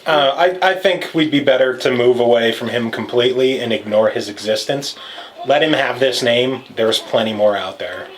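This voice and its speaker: A man co-hosting a podcast who reads listener emails in casual chat, with a dry, steady manner. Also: medium pitch, normal speed, slight background noise.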